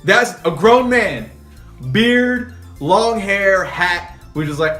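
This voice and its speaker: Brief: animated male co-host, casual chat, somewhat high voice, distant echoey room recording. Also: slow, faint music behind. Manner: animated, acts out scenes in put-on voices.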